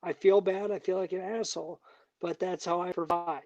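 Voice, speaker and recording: Brief: heated fighter guest, man, high voice, dry muffled sound. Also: fairly even intonation, normal speed, darkish tone, no echo. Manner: angry, profane, emphatic. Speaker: bare knuckle fighter guest. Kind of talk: heated interview talk.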